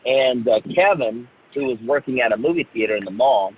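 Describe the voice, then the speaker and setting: Husky man telling a story over a phone line. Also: medium pitch, lively intonation. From Oklahoma, USA. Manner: halting, many fillers and restarts. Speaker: guest, singer. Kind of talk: casual storytelling.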